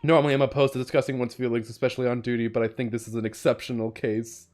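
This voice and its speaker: Talking very fast in a mid-range voice, a man streams a video game and reads its text aloud. He's animated, giving lines dramatic voices between his casual remarks.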